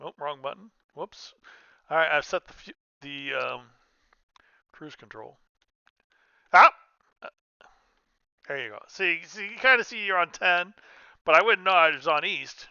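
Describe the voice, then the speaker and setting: A man's voice: a little high, normal speed, pauses often, pushed and bright, clean tone, dry recording, muffled recording. A man giving casual commentary while playing a trucking game, rambling and cutting himself off with restarts. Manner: rambling, self-interrupting, chatty. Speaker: gaming streamer.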